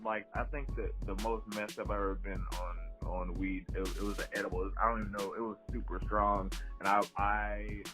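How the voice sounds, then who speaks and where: A man co-hosting a casual chat, excitable and quick to laugh. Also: on the low side, over music. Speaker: co-host.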